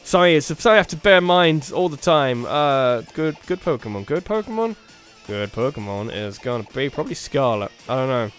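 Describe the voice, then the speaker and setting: A man's voice: medium pitch, lively intonation, fairly quick, fairly bright tone, faint music behind. Rambling man commenting on a game. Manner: rambling, self-interrupting, joking asides. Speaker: let's play host.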